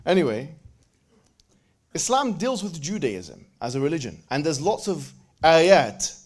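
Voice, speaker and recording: A man giving a religious lecture with jokes, reciting scripture verses in quick bursts between his explanations. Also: on the high side, very animated. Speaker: preacher.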